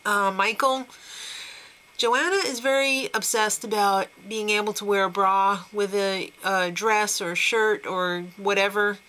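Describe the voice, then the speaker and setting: A woman's voice: mid-range voice, steady tone, measured pace, pushed and bright, poor audio. A woman hosting a casual TV recap show, chatty and opinionated, laughing between remarks.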